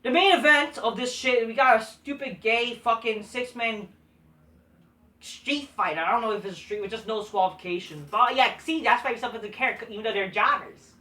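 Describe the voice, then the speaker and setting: A woman's voice: a little high, normal speed, pushed and bright. A woman reviewing wrestling shows in a profane, scornful, dismissive casual rant. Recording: echoey room, distant mic.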